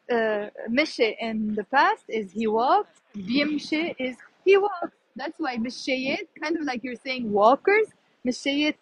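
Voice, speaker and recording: High, husky-voiced Lebanese woman teaching. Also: highs cut off. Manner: explains words, repeats each one slowly, chatty asides. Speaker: Arabic teacher. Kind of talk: live walking street lesson. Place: outdoors on a city street, walking. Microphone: phone held in hand.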